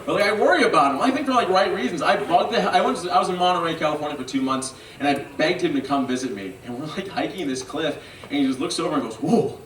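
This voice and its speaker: Male stand-up comic, halting and rambling, lively up-and-down pitch, heard from a distant mic in a roomy venue. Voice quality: halting, filler-heavy, rambling delivery. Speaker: stand-up comedian. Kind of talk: stand-up set. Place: comedy venue stage with a live audience. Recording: roomy, distant mic, loud crowd and noise.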